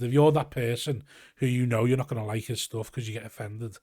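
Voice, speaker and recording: A young Scouse man, a comedian, chatting casually in a podcast, rambling and animated as he tells stories and swears freely. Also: medium pitch, fairly quick, no room sound, clean studio sound. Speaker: comedian guest. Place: garage.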